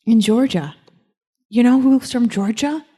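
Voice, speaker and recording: A woman's voice: fairly high pitch, a little slow, dark tone, slightly rough. A woman co-hosting a live podcast in a hotel event room, playful and bantering. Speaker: podcast co-host. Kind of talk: live podcast chat before an audience.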